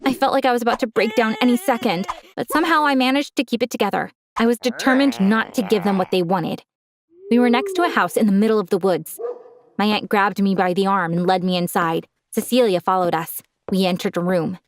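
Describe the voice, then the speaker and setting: A woman's voice: mid-range voice, a little fast. A young woman narrating a dramatic first-person story in an earnest way.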